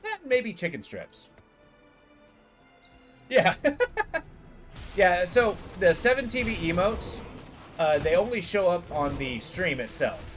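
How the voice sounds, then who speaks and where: A man's voice: high-pitched, animated, unhurried, pauses often, soft background music. A man livestreaming a game, chatting casually with his viewers in a rambling way full of fillers. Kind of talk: casual chat while gaming.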